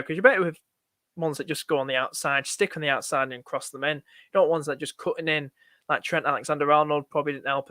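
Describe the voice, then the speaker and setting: Male streamer, high voice, dry close sound, chatty and rushed. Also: dry recording. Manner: excitable, rushed, repeats himself, says "mate" a lot. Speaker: fantasy football streamer. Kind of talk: live stream chat answering viewer questions.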